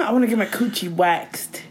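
A woman's voice: very high-pitched, heavy background noise. A young woman co-hosting a casual chat, loose and joking, swearing often and breaking into laughs. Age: young adult. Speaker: podcast co-host.

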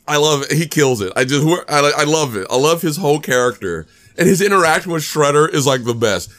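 A man hosting a podcast, chatting casually about a movie, animated and rambling, repeating himself often and restarting his sentences. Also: fairly high pitch. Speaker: podcast host. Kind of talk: casual movie review chat.

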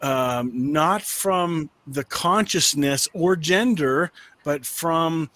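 A man hosts a video-call panel with a fairly high voice, gushing with thanks and repeating "oh my goodness". He laughs easily and keeps the talk casual. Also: extremely slow, a bit bright, no room sound. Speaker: host of an online panel. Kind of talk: casual chat.

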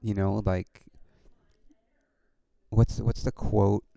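A man's voice: lowish voice, level tone, very slow, creaky, warm tone, no room sound. A man hosting his own podcast, talking in a casual, rambling way with many restarts and frequent swearing. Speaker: podcast host and comedian.

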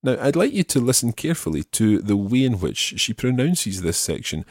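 A man hosting a language lesson, repeating model phrases slowly and explaining them patiently. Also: mid-range voice, very animated, darkish tone, no echo, clean studio sound. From Scotland. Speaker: language teacher and podcast host.

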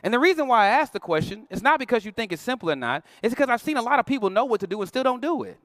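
A man's voice: very high voice, lively intonation, very fast, a bit bright, no room sound, clean studio sound. A male pastor preaching a sermon in a playful, slangy, conversational way, acting out quoted voices.

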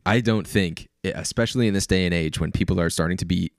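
A man's voice: low-pitched, fast talker, no echo, studio quality. A man co-hosting a podcast, explaining things in casual chat and often restarting his sentences. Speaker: podcast co-host.

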